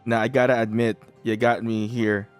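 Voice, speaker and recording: A man's voice: medium pitch, flat delivery, normal speed, smooth, soft background music. Chatty man narrating his mobile game. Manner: chatty, laughs often, repeats himself. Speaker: gaming channel host. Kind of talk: casual game commentary.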